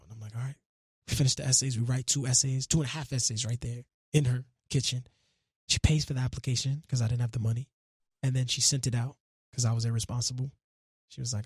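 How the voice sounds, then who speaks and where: A man, telling his life story as a guest in a radio studio, animated and full of casual slang, acting out the voices of people he quotes. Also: mid-range voice, fast, breathy edge, no room sound. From Brooklyn, New York. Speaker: musician and actor guest.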